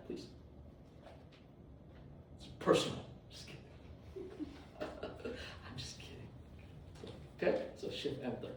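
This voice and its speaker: Male lecturer, lively and teasing, slightly high voice, echoey hall, distant mic. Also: slight background noise. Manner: animated, teasing, asks "did you see?" often. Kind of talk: live classroom lecture with live coding. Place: classroom.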